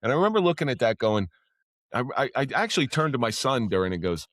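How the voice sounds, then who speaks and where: A man who used to be a police officer, a podcast guest telling stories in casual talk. He speaks candidly, swears freely, and his voice jumps up when he gets excited. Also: medium pitch, fast. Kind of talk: casual storytelling.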